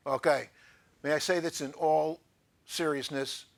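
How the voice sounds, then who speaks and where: A man hosting a comedy show, talking deadpan and halting, full of pauses and fillers. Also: fairly high pitch, vocal fry. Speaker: host.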